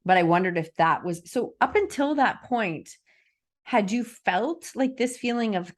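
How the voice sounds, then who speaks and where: A woman's voice: mid-range voice, animated, moderate pace. A woman hosting an interview, listening closely and asking reflective follow-up questions. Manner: attentive, affirming listener. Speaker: podcast host. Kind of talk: interview conversation.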